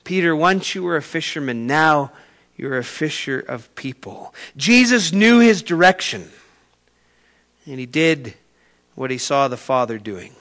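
A man preaching a sermon, retelling a story with sudden swings from quiet to loud. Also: a little high, lively intonation, measured pace. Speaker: pastor.

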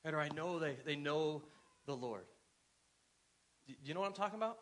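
A man's voice: on the high side, expressive, moderate pace, a bit bright. A man in his thirties, a pastor, preaching a sermon in a loose, conversational way, often checking in with the congregation. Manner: conversational, asks the congregation questions.

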